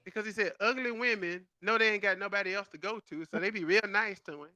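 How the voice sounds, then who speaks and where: A man co-hosting a podcast in casual chat, animated and laughing often. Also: sits high, quick pace, no room sound, lo-fi sound. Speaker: podcast co-host.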